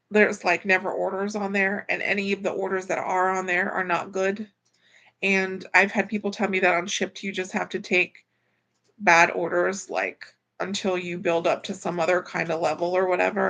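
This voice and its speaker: A woman's voice: mid-range voice, vocal fry, sharp tone. A woman livestreaming casually, chatting about her delivery driving work and reading viewer comments aloud as she goes. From Florida.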